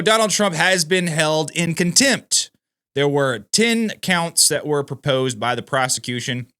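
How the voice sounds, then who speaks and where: Animated, bright-voiced male commentator. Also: fairly high pitch, clean tone. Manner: animated, emphatic, addresses viewers as guys. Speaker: political commentary host. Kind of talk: casual news commentary.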